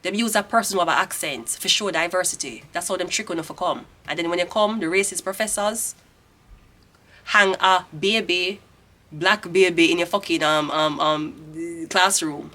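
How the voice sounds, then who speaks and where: A woman's voice: on the low side, moderate pace, bright, forceful tone. A woman in her thirties with a Jamaican accent giving a casual tarot reading, ranting bluntly and swearing freely. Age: 30s. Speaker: tarot reader.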